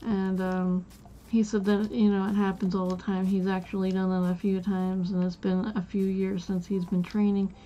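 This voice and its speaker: A woman's voice: medium pitch, level tone, normal speed, hardly any pauses, mellow, muffled recording, slight background noise. A woman streamer chatting casually while playing a game, telling a rambling story full of "like" and restarts.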